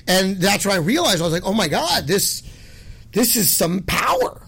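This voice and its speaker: A middle-aged man tells his stories loudly and with great excitement. His voice sits high and leaps around a lot, with a rough, gravelly texture running through it. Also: moderate pace. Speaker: guest. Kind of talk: animated storytelling.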